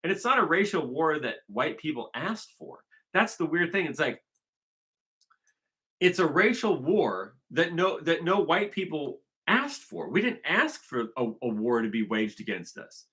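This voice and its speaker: Bright-voiced man rambling emphatically. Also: on the high side, very animated, measured pace. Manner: rambling, emphatic, circling back to restate points. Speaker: vlogger. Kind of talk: casual unscripted monologue.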